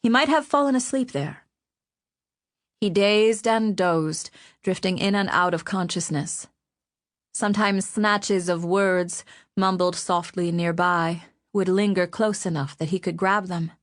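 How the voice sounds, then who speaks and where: A woman with a lowish voice narrates a novel. She reads at a measured, steady pace, with a calm, even delivery. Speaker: audiobook narrator. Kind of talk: scripted audiobook narration.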